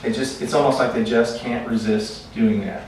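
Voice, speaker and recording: A man teaching a class in a relaxed, conversational way, telling stories and often restarting his sentences. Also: mid-range voice, moderate pace. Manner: conversational, repeats words when restarting. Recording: echoey room, far from mic, faint noise.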